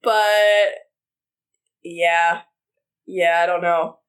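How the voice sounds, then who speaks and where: A young woman on a casual podcast who takes her time, speaking unhurriedly in a mid-range voice. She talks loosely, filling gaps with "like" and "um" and slipping into quick impressions of characters. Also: lowish voice. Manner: relaxed, lots of "like" and "um", mimics characters. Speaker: podcast co-host. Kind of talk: casual chat.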